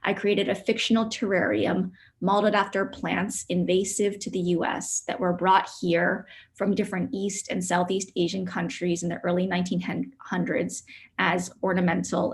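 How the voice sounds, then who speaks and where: Gravelly-voiced woman presenting her art. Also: mid-range voice. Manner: soft-spoken and reflective, with frequent ums. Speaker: artist presenting her work. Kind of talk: virtual studio visit presentation. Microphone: video call.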